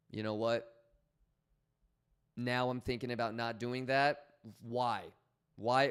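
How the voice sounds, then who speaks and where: Smooth-voiced man hosting a livestream. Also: mid-range voice. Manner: energetic, profane, joking with chat; coaching, repeats himself. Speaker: livestream host. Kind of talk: casual livestream chat.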